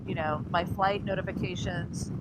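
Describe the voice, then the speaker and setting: A woman vlogging from her scooter while riding, telling a story in a lively way, acting out what people said and laughing often. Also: fairly low pitch, moderate pace. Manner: animated, laughing, acts out quotes. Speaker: scooter rider vlogging on the road. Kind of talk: casual storytelling vlog. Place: on a scooter on the open road. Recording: wind and engine noise.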